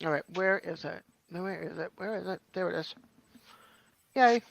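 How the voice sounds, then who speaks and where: A woman's voice: lowish voice, moderate pace, gravelly. A woman chatting as a guest on a live stream over a video call, rambling with lots of ums. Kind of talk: casual chat. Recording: dull lo-fi stream audio.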